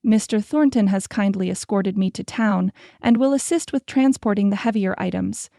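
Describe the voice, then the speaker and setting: A woman voicing a composed, genteel young woman who answers with cool, brisk politeness in an audiobook. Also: mid-range voice, creaky, mellow, no room sound, studio quality, lightly acted.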